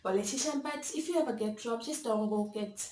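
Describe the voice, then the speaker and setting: A young woman from Kenya telling a story to her camera in a casual, animated way, laughing often and filling with "like" and "you know". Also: a little high, fairly quick, echoey room, a little hiss or hum. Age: young adult. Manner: animated, dramatic, laughs often, many likes and you-knows. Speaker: vlogger.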